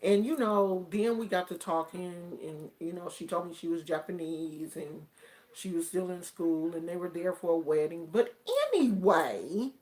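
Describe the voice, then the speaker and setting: A woman's voice: on the low side, darkish tone. A woman from the United States telling a personal story on her vlog in a casual, colloquial way. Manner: slow, drawn-out and colloquial, with many fillers.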